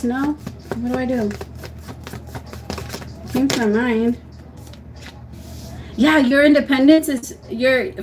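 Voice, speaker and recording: A woman's voice: mid-range voice, warm tone, slight background noise, low-quality recording. A young woman giving a tarot reading on a livestream, talking in a soothing, emotional way and often restarting her sentences. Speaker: tarot reader.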